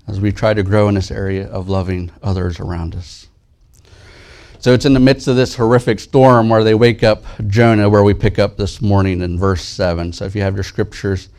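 Male pastor, low gravelly voice, earnest sermon delivery with a lifted scripture reading. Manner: earnest, rises and grows louder when reading scripture; drops soft and slow in prayer.

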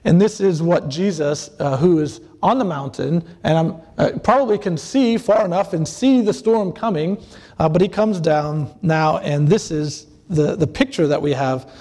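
Male preacher, high pitch, hesitant delivery, recorded in a reverberant hall. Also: dark tone. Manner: halting, many fillers and restarts; acts out quoted voices. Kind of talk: sermon.

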